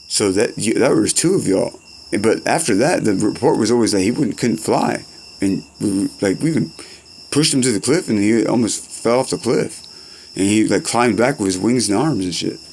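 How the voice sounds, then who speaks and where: A man's voice: on the low side, vocal fry, a little mellow, slight background noise. A young man in rambling, profane comedy-skit banter, full of slang and back-and-forth.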